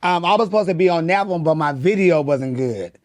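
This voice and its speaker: A man, a drag performer, telling stories in a casual interview, animated and acting out quotes in a raised voice. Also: a little high, brisk, dry recording.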